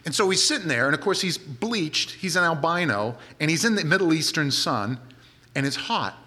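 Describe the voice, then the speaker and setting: A male preacher retells a scripture story in a loose, chatty way, full of asides. His voice is bright and forceful, and his pitch swings widely as he tells the story. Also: moderate pace. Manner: animated, conversational retelling with casual asides. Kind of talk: sermon storytelling.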